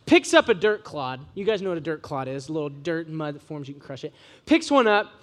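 Young guy preaching to college kids, highish voice, jokey and loose, tells stories. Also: brisk. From Ohio, USA. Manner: casual, joking, animated storyteller. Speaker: preacher to students. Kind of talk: sermon with humorous storytelling.

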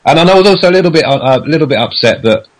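A man's voice: very fast, rough recording. Chatty man co-hosting a podcast. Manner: chatty and digressive, animated pitch jumps. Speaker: podcast co-host. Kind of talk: casual chat.

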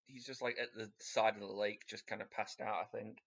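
A man's voice: fairly low pitch, steady tone, a little fast, vocal fry, a bit bright, husky. A man co-hosting a podcast, chatting about a book with frequent stammered restarts. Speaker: podcast co-host. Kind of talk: casual book discussion.

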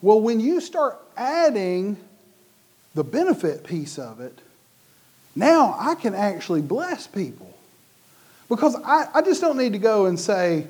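A man's voice: high-pitched, a little slow. A middle-aged man from the United States preaching a sermon in a conversational way, acting out the voices of the people in his stories. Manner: animated, acts out quoted voices. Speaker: pastor.

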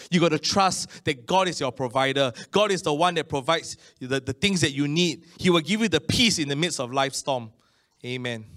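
Preaching in a conversational style, this middle-aged Singaporean English speaker drops frequent Amens and stretches out slow, emphatic lines. His pitch runs on the high side, with a slightly bright tone.

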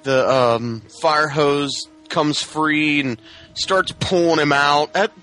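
Bright-voiced joking man. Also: fairly high pitch, fairly even intonation, takes it slowly, faint music behind. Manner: joking, laughs along. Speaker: podcast co-host. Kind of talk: casual movie chat.

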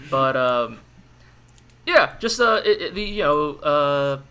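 A man's voice: on the high side, big pitch swings, slow, sharp tone, clean tone. A man co-hosting a casual anime podcast, talking animatedly with lots of fillers and restarts. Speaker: podcast co-host. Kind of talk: casual chat about anime.

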